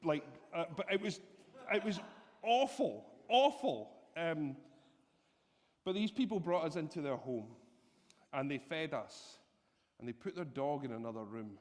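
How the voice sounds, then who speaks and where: A man preaching a sermon, telling a personal story in an animated, self-deprecating way. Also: on the high side, moderate pace, pauses often. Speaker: pastor. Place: church hall. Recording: long reverb from a church hall.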